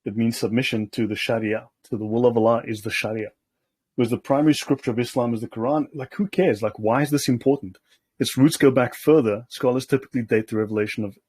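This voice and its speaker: A man's voice: mid-range voice, brisk, darkish tone, husky, no room sound. A man hosting, reading documents aloud and commenting on them in a casual, sardonic way, often checking in with his listeners. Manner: sardonic, keeps checking in with "okay?". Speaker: host.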